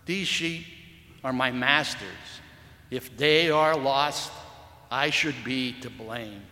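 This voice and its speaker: A man's voice: medium pitch, slow, sharp tone, echoey room, in a large hall. A man voicing an honest young shepherd boy in a storybook reading, earnest and polite. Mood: firm.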